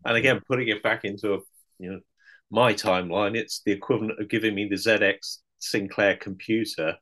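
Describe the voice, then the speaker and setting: A man's voice: fairly low pitch, fairly even intonation, brisk, fairly bright tone. A man hosting a conversational interview, chatty and rambling, with many fillers. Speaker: interview host.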